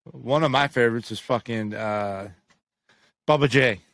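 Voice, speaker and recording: A man co-hosting a casual podcast, rambling and halting with frequent restarts and casual swearing. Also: medium pitch, a bit bright, dry recording. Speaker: podcast co-host. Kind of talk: casual chat.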